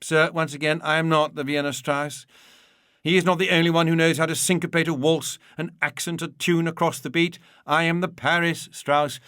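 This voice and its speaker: A man's voice: on the high side, little pitch movement, normal speed, clean tone, dry recording. A man reading a memoir aloud and voicing a reserved, patient dance-band conductor. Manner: reserved, dry, quiet. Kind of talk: audiobook reading.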